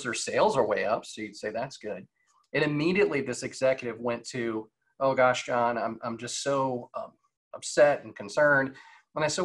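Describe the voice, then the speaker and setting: Over a video call, a forties-aged guest speaker on leadership chats through a motivational talk, leaning on fillers and rhetorical questions. His medium-pitched voice sounds a bit bright and slightly rough.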